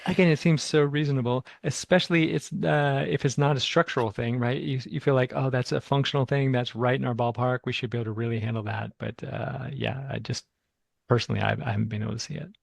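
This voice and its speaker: A man acupuncturist musing over clinical experience in casual talk, halting and restarting as he thinks. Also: medium pitch, fairly even intonation, gravelly, no room sound. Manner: halting, many restarts, reflective. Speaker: acupuncturist, host.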